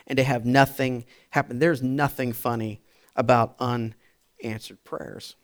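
A man's voice: mid-range voice, fairly even intonation, a little slow. A man preaching a sermon, telling a personal story in a chatty way with fillers and restarts, building to emphatic repeated phrases. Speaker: pastor.

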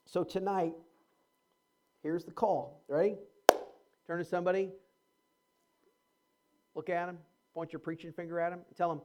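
A man preaching to his congregation with strong swings in energy. He rises into loud urging, then drops low and quiet, and he turns to his listeners directly with calls and challenges. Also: flat delivery, normal speed, long pauses, slight background noise. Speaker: pastor. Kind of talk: sermon.

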